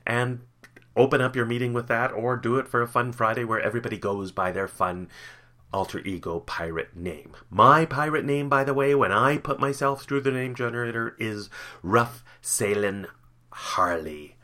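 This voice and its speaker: A man's voice: mid-range voice, fairly quick, sharp tone. A man hosting a podcast, reading workplace tips in an upbeat, playful, jokey way. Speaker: podcast host.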